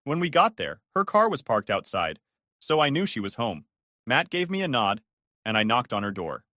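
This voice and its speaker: A man's voice: medium pitch, moderate pace, no echo, studio quality. A man narrating a first-person family drama story, acting out the voices. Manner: expressive, acts out dialogue.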